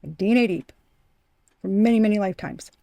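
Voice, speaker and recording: Woman, tarot reader, casual and profane, repeats herself for emphasis; warm low-key tone, dry close sound. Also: animated, fast, vocal fry, no room sound. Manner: talks straight to the viewer as "you". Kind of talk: casual spoken tarot reading.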